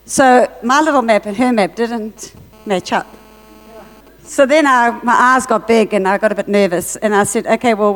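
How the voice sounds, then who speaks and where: A woman giving an earnest testimony at church, telling her story with lively reported dialogue. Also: fairly high pitch. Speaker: church speaker sharing a testimony. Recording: long hall reverb.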